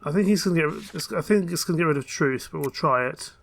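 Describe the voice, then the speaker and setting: A man's voice: a little high, fast, gravelly. A man commentating his own gameplay in a chatty, self-mocking way. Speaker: let's play gamer.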